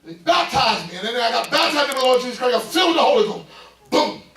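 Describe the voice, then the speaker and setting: A middle-aged man preaching a sermon as pastor, building into loud bursts and calling out to the congregation. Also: very high voice, very animated, quick pace. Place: church sanctuary. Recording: echoey church from far off.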